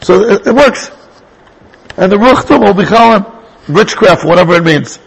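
A man teaching a Torah class in an animated way, restarting sentences and mixing in Hebrew terms. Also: sits high, normal speed, gravelly, breathy edge, poor audio. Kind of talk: lively Torah lecture.

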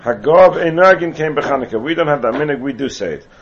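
A man's voice: on the high side, expressive, quick pace. A man from England teaching a Torah lesson, reading Hebrew text aloud and then explaining it in English, with asides along the way. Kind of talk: Talmudic lecture. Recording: muffled lo-fi recording.

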